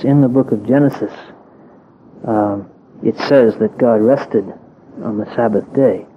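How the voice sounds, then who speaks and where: A man giving a reflective, measured talk explaining scripture, pausing often as he thinks. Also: fairly low pitch, slight background noise. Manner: measured, reflective, pauses with ums. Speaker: religious teacher. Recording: tinny phone-like lo-fi recording.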